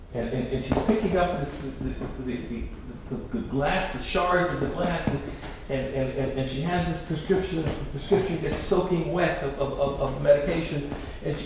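A man giving a sermon as a rabbi, telling a story with lively, repeated words and restarts. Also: fairly high pitch. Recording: echoey room from far off, noisy.

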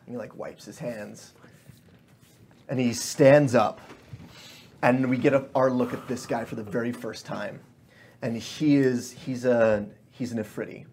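A man's voice: medium pitch, steady tone, unhurried, darkish tone. A man as game master, narrating a tabletop scene like a film, with many fillers.

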